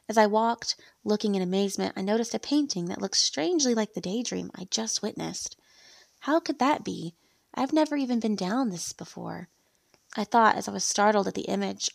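A woman narrating a first-person story in a steady, read-aloud storytelling manner. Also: medium pitch, gravelly, no room sound.

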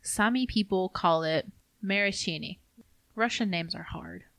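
A woman co-hosting a podcast, reading research notes in a steady, casual way and stumbling over foreign names. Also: fairly low pitch, measured pace, gravelly, no echo. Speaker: podcast co-host.

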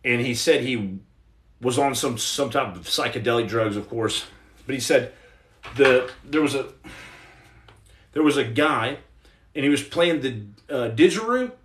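A man's voice: mid-range voice, expressive, measured pace, pauses often, fairly bright tone, reverberant, slight background noise. A man from Texas hosting a podcast, chatting loosely and reading out viewer comments in a rambling, digressive way. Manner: rambling, digressive, lots of "you know what I'm saying". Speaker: podcast host. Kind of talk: casual livestream chat, reading viewer comments.

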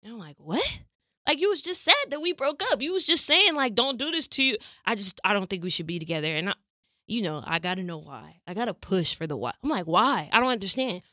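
On the high side and a little fast, the voice belongs to a young adult woman from California who hosts a podcast. In casual chat she tells a personal story, animatedly acting out the dialogue; the studio-quality recording has no room sound.

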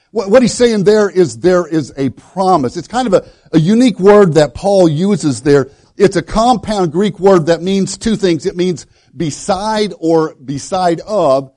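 Folksy male pastor, slightly high voice. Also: warm tone. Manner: storytelling, folksy and self-deprecating; halting, with many restarts. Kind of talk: sermon.

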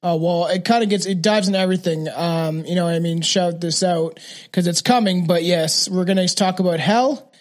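A man's voice: high voice, a little fast. A man hosting a true crime podcast, talking casually and rambling, with many restarts. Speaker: podcast host.

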